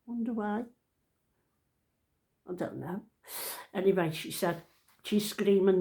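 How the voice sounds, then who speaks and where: A woman's voice: mid-range voice, steady tone, moderate pace, a little mellow, reverberant. A woman in her seventies, telling a family story at home in a chatty, rambling way, often breaking off and interrupting herself. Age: 70s. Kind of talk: casual storytelling to camera.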